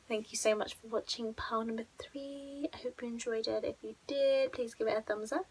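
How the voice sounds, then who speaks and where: A woman's voice: a little high, lively intonation, a little fast, hardly any pauses, noisy background. A woman giving a casual pick-a-card tarot reading at home, chatty, candid and self-mocking.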